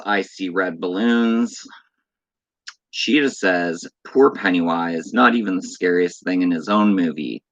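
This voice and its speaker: A low-voiced man hosting a livestream, reading out chat messages slowly and teasing viewers with creepy remarks. His voice has a bright, forward edge in a dry room. The audio sounds a little dull and muffled, as from a home streaming mic. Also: no echo. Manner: playful, spooky teasing of chatters. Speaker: livestream host.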